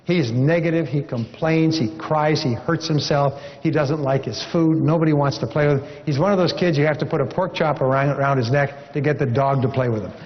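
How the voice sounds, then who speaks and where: A man's voice: fairly high pitch, a little fast, few pauses, slight background noise. Emphatic man speaking in a reverberant hall. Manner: emphatic, repetitive, encouraging. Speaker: seminar speaker. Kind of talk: motivational seminar speech with storytelling. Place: large seminar hall. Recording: dull lo-fi recording with long hall reverb.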